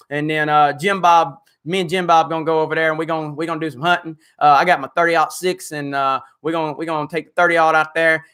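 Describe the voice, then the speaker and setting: A man putting on a boastful, rambling Southern good-ol'-boy with an Alabama accent, his voice hoarse. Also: fairly high pitch, bright, forceful tone.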